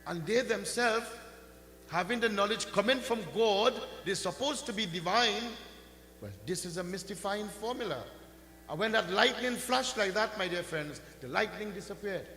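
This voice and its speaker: A man giving a religious discourse, telling a sacred story with slow, swelling emphasis and chanting mantras now and then. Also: high-pitched, pushed and bright. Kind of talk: sermon storytelling. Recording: echoey hall with faint hum.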